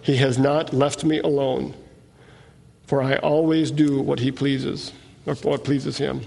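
A man's voice: medium pitch, level tone, slow pace, creaky, warm tone. A man teaching a sermon, reading scripture aloud and explaining it in plain conversational asides. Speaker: preacher. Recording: echoey hall with long reverb.

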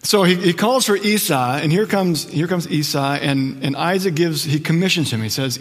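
A middle-aged pastor with a fairly high voice preaches a sermon at a moderate pace with few pauses, and a long reverb tail trails his words. He tells stories conversationally and acts out the quotes.

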